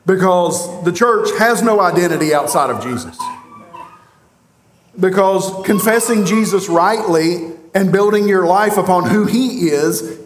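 A pastor delivering an emphatic sermon, with rhetorical questions and long pauses. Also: male voice, high voice, slight background noise. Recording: roomy echo.

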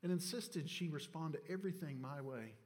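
A middle-aged man, a pastor telling a personal story in a sermon, moving between hushed confession and loud exhortation. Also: fairly high pitch, a little fast. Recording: long church reverb.

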